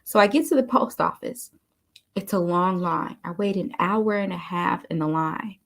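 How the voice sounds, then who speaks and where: Chatty woman giving a pep talk, lots of "you all", a bit of vocal fry. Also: lowish voice, normal speed. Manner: animated, chatty, addresses listeners as "you all". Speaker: motivational speaker. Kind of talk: casual motivational storytelling.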